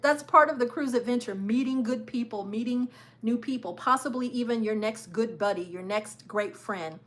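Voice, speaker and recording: A woman's voice: on the high side, moderate pace, fairly bright tone. A woman hosting a live cruise news stream, chatting casually, repeating phrases for emphasis and laughing often.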